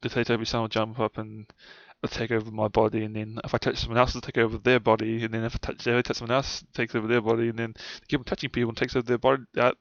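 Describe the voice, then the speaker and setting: Very fast and with hardly any pauses, the young vlogger delivers his rambling, sweary childhood tales in a flat, creaky voice of medium pitch. He has a New Zealand accent, trails off at times, and talks casually to camera over dull, dry lo-fi sound without room tone.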